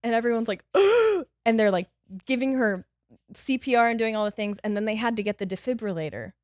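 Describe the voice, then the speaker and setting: A woman on a podcast telling a dramatic story in a casual, animated way, laughing as she goes. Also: a little high, quick pace, dry recording, clean studio sound. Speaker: podcast guest.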